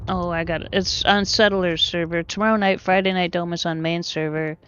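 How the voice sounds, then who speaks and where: A woman co-hosting a casual gaming livestream, chatty and quick to laugh. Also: on the low side, steady tone, fairly bright tone, muffled recording, a little hiss or hum. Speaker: co-host.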